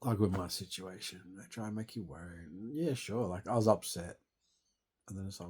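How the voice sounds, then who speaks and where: A man's voice: sits low, normal speed, darkish tone, husky. A young Australian man in distress, grieving and venting in a rambling, sweary monologue into his phone.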